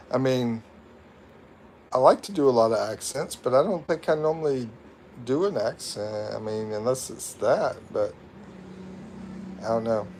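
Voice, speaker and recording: A man's voice: mid-range voice, unhurried, long pauses, a little mellow, slight background noise. Rambling American man on a livestream. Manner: rambling, self-mocking, laughs often. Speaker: livestream host. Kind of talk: casual livestream chat, reading comments. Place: home in the Philippines.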